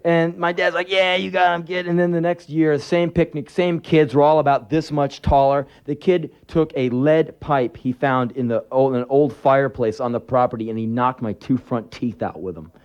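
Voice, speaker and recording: A man's voice: mid-range voice, fairly even intonation, moderate pace, hardly any pauses, darkish tone, clear, resonant tone. A man in his twenties doing a live spoken word set, telling stories in a sardonic, profane way and breaking into sudden yelps when he acts out voices. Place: live venue before an audience.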